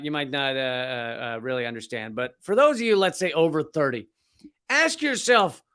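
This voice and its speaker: A sarcastic man hosts a comedic political commentary show. His voice sits high for a man, and he swears freely while slipping into silly put-on voices. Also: fairly bright tone. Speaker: host.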